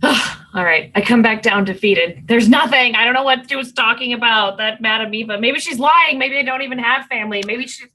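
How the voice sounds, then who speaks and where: A woman plays a tabletop game, playful and easily exasperated. Her voice sits slightly high and sounds bright. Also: fairly quick, few pauses, poor audio. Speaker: player.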